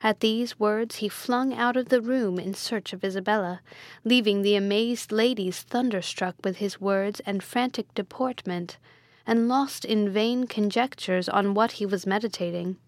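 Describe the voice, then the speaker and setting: A woman reads a Gothic novel aloud in a measured, steady way. Her voice sits at a middle pitch, and the recording is dry and close, with no room sound. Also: no room sound. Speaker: audiobook reader.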